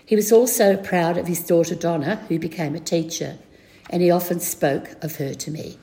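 A woman's voice: on the low side, steady tone, normal speed, mellow. An older woman reading a reflective memorial tribute for a school friend.

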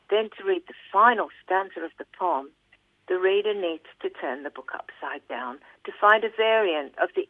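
A book reviewer reading a scripted review aloud in a measured, deliberate way. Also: medium pitch, no room sound. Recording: tinny phone-like line, dry.

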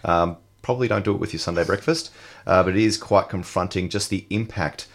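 A man's voice: low-pitched, fairly quick. A man with an Australian accent hosting a casual community radio chat, laughing easily and using plenty of fillers. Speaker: radio show host.

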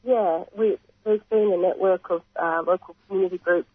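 Croaky Australian man on a phone line. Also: high voice, fairly even intonation, dry recording. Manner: earnest, measured, frequent pauses and throat clearing. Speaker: reconciliation organisation representative. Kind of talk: radio interview answers. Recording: tinny phone line, dry.

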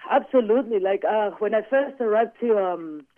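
A man telling a personal story in casual chat, animated and acting out the quoted dialogue. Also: high voice, moderate pace, dry recording. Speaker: guest. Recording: tinny phone-line sound, dry.

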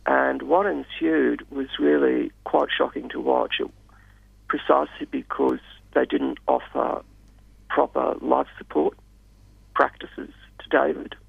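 A man speaking as a radio guest in a measured, hesitant way with many fillers. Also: mid-range voice, fairly even intonation, vocal fry, breathy edge, dry recording. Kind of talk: radio interview. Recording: dull lo-fi radio sound, dry.

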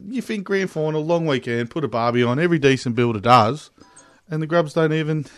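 A man's voice: a little high, lively intonation, a little fast, clean tone. An Australian man co-hosting live radio, joking and laughing at himself. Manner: laughing, jokey, self-mocking. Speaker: radio co-host.

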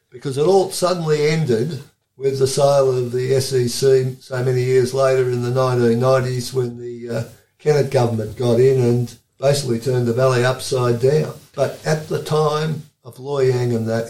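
A man's voice: mid-range voice, warm tone. Male interviewer in a roomy space. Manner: prompting, explains context for listeners. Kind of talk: interview questions. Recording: roomy echo.

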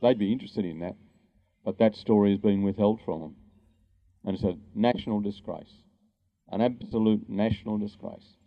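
A man with an Australian accent giving an impassioned public talk, indignant and full of rhetorical questions, with slow emphatic stresses. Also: lowish voice, muffled recording.

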